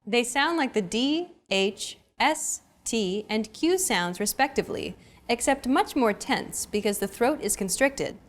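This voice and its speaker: A woman hosting a scripted language lesson, explaining clearly and evenly. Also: on the high side, expressive, measured pace. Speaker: lesson host.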